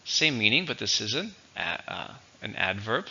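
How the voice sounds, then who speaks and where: A man teaching English vocabulary in a slow, deliberate lesson, spelling out syllables and stress. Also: on the low side, very animated, gravelly, sharp tone, husky, lo-fi sound. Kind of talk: recorded vocabulary lesson and dictation.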